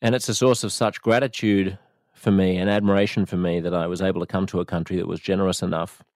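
A man's voice: sits low, darkish tone, no room sound, clean studio sound. A man with an Australian accent, a radio host giving earnest, reflective commentary. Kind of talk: spoken commentary.

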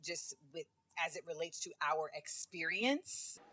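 Woman comedian guest, bright tone, fast chatty storyteller. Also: deep voice, lively intonation, slightly rough. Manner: quick, chatty storytelling with many fillers. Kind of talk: casual interview chat.

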